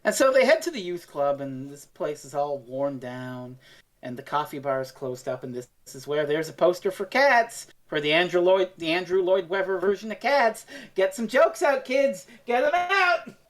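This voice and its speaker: A woman with a low voice that swings up and down as she recaps a show for her co-hosts. She speaks casually and profanely, and slips in little performances of the characters. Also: animated, moderate pace. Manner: loose and profane, acts out the scenes she retells. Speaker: podcast co-host. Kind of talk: casual chat, retelling an episode.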